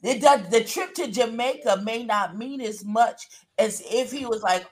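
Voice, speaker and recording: A woman's voice: a little high, unhurried, few pauses. A woman on a review panel explaining her view at length in casual chat, acting out quoted lines as she goes. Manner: explains at length, acts out quoted lines, calls others beloved. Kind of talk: casual show recap chat.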